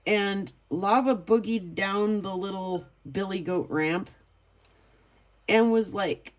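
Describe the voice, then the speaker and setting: A woman's voice: medium pitch, slow. A woman vlogger telling a story casually, rambling and chatty with lots of filler words. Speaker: vlogger and rockhound.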